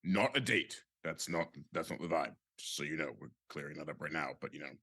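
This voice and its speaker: A man's voice: rumbling low, fairly quick, sharp tone, breathy edge, no echo, clean studio sound. A man playing a tabletop role-play game, rambling and joking with stammering restarts. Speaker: player.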